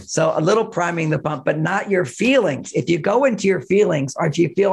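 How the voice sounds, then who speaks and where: As a podcast guest, a married man gives relationship advice drawn from his own marriage, explaining emphatically and chuckling often. His voice is a little high, gravelly and husky, with lively intonation at a fairly quick pace.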